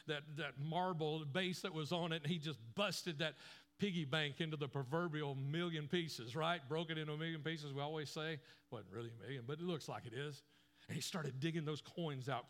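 A man preaching a sermon, telling a story with lively acted-out voices. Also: on the high side. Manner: animated storyteller acting out voices. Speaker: pastor.

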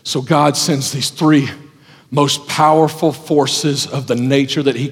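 A man preaching a sermon as pastor, folksy in his wording, swinging from loud exhortation to hushed tones. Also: medium pitch, fairly even intonation, measured pace. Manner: folksy, says ain't and gotta. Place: church sanctuary. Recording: long hall reverb.

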